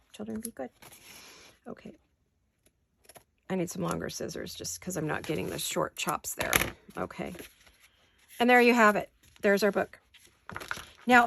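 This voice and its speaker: A woman's voice: medium pitch, a bit bright, a little hiss or hum. A middle-aged woman hosting a craft tutorial from her home studio, chatting and muttering asides to herself while she works, with the hiccups. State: has the hiccups. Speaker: craft video host.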